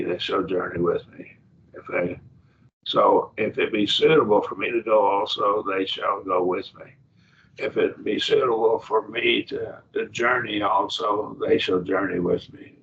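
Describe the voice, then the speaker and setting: Male Bible teacher, gravelly, thinks aloud over Greek words; dull lo-fi class tape. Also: lowish voice, fairly bright tone. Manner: explains Greek word by word, slow and thinking aloud. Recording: dull lo-fi classroom recording with faint noise.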